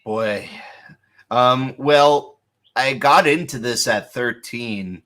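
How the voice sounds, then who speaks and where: A man's voice: medium pitch, extremely slow, a bit bright. A man, a voice actor guest, chatting thoughtfully with hesitant fillers over a video call. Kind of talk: casual panel chat.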